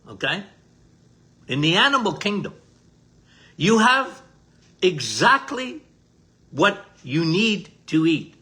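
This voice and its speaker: A man's voice: sits high, sharp tone. An older man, a doctor hosting a podcast, giving a casual health talk in an emphatic, repetitive, folksy way.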